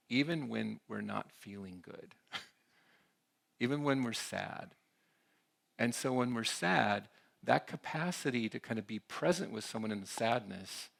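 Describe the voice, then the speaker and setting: A man's voice: mid-range voice, creaky, breathy edge. A man giving a conversational talk at a church conference, often checking in with the audience. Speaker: conference speaker.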